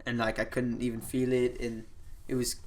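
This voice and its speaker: A young man on a casual podcast, spinning a story in a loose, rambling way. His voice sits at an ordinary middle pitch, and he keeps stringing thoughts together with "like" and "you know." It is relaxed, unscripted chat. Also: normal speed. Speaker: podcast host.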